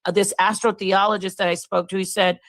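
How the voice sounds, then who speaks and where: A woman hosting a livestream, musing in a reflective, expressive way about consciousness and spirit. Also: mid-range voice, fairly quick, no room sound. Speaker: live stream host. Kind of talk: casual livestream chat.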